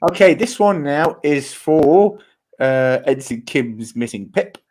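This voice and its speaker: A man's voice: fairly high pitch, lively intonation, slow pace, darkish tone. Joking quiz host man. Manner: joking, teasing. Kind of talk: casual quiz chat.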